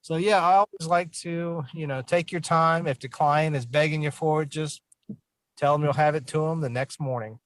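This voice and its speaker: Relaxed man giving plain advice. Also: a little high, normal speed, no room sound, rough recording. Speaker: estimator coach. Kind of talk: online panel discussion.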